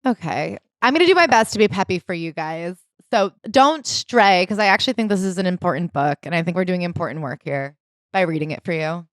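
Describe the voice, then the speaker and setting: A woman co-hosting a casual book-club podcast, retelling a story in an animated way with quoted voices. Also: lowish voice, brisk, no room sound, clean studio sound. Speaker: podcast co-host.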